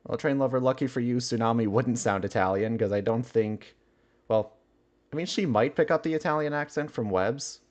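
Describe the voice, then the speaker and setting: A man's voice: medium pitch, normal speed, a little mellow. A man chatting casually on a livestream, musing aloud and chuckling often as he answers his chat.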